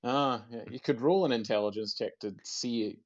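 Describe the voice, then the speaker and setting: A man's voice: medium pitch, normal speed. A man playing a tabletop game, chatting casually about his character's actions. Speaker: player. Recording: dull lo-fi sound.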